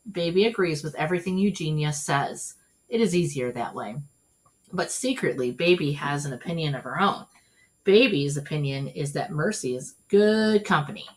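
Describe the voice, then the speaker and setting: A woman reading a children's storybook aloud in an expressive, animated way. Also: sits low. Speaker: storybook reader.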